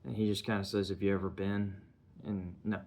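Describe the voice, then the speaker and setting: A man's voice: low voice, little pitch movement, a little fast, a little mellow. A man retelling a film's plot in a loose, conversational way, full of "you know" and "kinda" fillers. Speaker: film reviewer. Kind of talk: casual film plot recap.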